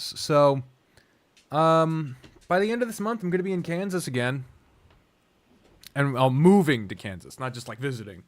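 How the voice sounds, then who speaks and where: A man's voice: medium pitch, big pitch swings, a little slow. A man streaming a strategy game, rambling casually, talking to himself and swearing often. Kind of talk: casual live-stream chat while gaming.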